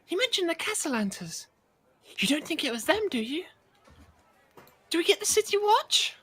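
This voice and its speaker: A nervous, timid companion, voiced by a man, frets in a thin, high, anxious voice. The pitch sits far above a normal speaking voice, and it sounds bright. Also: sing-song, normal speed, soft background music, full character voice. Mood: fearful. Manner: anxious questioning. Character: frightened timid companion, quiet and shaky.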